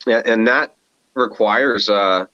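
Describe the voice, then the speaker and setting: A man co-hosting a casual podcast chat, earnest and halting, slow to find his words. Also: fairly low pitch, no room sound. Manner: earnest and halting, many fillers and restarts. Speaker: podcast co-host. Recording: dull, slightly lo-fi dry mic.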